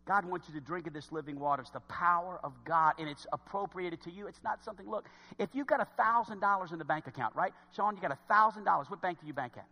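A man preaching a sermon in church, swinging from quiet asides to loud exhortation. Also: high voice, fast, long reverb tail.

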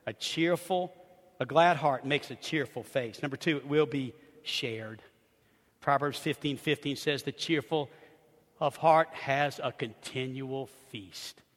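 A man preaching a sermon as pastor, telling humorous, animated stories with bursts of laughter. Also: mid-range voice, unhurried. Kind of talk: lively sermon storytelling. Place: church sanctuary. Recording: hall reverb in a church.

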